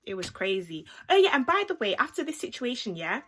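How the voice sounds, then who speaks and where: A young woman telling an animated, slangy story in a casual vlog, acting out the people she talks about. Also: a little high, a little fast. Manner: animated, acts out the voices of the people in her story; slangy, chatty, with lots of "like" and "innit". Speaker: vlogger.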